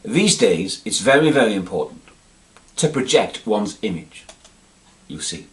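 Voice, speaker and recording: Middle-aged man, pompous rambling comic monologue, low and lively delivery. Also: a little slow. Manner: rambling, pompous, keeps saying "you see". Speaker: comedic monologue performer.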